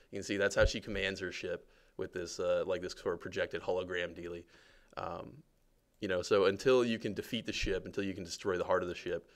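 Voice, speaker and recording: Low, gravelly-voiced man narrating a game tour. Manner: relaxed, chatty, lots of fillers and jokes. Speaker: game developer guiding a livestream tour. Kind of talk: casual livestream commentary.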